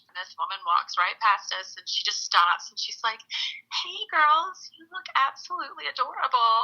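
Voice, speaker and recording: A woman's voice: medium pitch, bright, forceful tone, muffled recording. A woman in her thirties, a guest in an interview, telling stories animatedly, acting out the people she quotes and laughing often. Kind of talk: casual storytelling interview.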